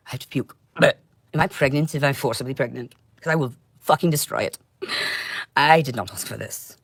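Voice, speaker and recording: A woman's voice: fairly quick, breathy edge, no room sound. Intense rambling woman, dry close sound. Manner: intense, rambling, swinging between loud outbursts and low muttering. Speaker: livestream host. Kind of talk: rambling livestream monologue.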